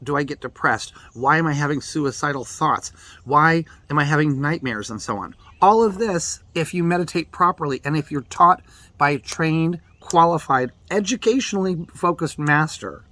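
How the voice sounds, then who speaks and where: A man's voice: fairly high pitch, a bit bright. A middle-aged man giving a blunt, emphatic talk on meditation as a Buddhist teacher. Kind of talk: direct-to-camera daily reflection talk.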